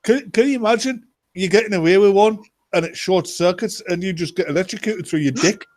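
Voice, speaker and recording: A man's voice: sits high, fairly quick, a little mellow, no echo. A man co-hosting a casual podcast live stream, trading crude jokes and banter. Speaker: podcast co-host.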